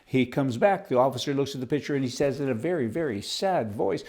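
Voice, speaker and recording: A man's voice: mid-range voice, brisk, few pauses. A man from Canada hosting casual political commentary, telling jokes and laughing at them. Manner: jokey, laughs at his own jokes, animated.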